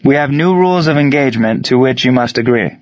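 A man voicing a proud German prisoner of war who speaks in stiff, formal, measured phrases. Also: medium pitch, animated, no echo, voice pushed up, close to an everyday voice. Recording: dry, dull lo-fi sound.

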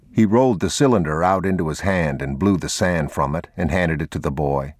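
A man narrating an audiobook in a measured, unhurried, even delivery. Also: very deep voice, no echo, studio quality.

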